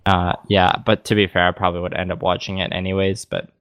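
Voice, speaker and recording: A man's voice: low-pitched, fast, smooth, no echo, studio quality. A man co-hosting an anime podcast, chatting casually and rambling with frequent laughs. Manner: relaxed, rambling, laughs often. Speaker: podcast co-host. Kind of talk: casual chat.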